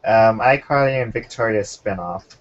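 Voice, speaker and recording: A young man hosting a casual chat, relaxed and talkative, keeping an eye on the time. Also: on the low side, normal speed. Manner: relaxed, chatty, keeps time. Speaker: podcast host. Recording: muffled lo-fi recording.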